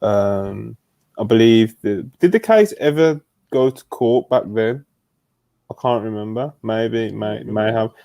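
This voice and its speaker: British male podcast host, relaxed and casual, dry close sound from a remote call. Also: lowish voice, measured pace, gravelly, no room sound. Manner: laid-back, peppers talk with "bro" and "man". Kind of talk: casual chat. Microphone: remote streaming call.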